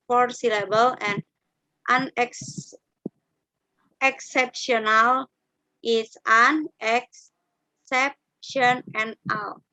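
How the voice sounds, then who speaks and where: A woman's voice: a little high, sharp tone, no room sound, rough recording. A young woman from Indonesia, a student reading through phonetics examples in English, word by word, with frequent fillers. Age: young adult. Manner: very slow, word-by-word listing with fillers. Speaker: student presenter.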